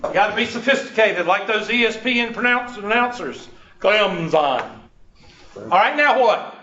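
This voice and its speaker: High-voiced joking math teacher. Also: male voice, animated, a little fast, pushed and bright, distant mic. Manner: joking, teasing, quizzes the class. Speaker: math instructor. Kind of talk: classroom lecture. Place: classroom. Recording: echoey muffled room recording from afar with faint hiss.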